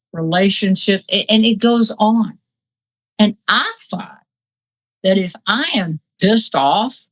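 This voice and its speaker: A woman's voice: mid-range voice, rough recording. A woman and Reiki master talking on a spiritual talk show, fiery, earnest and plain-spoken.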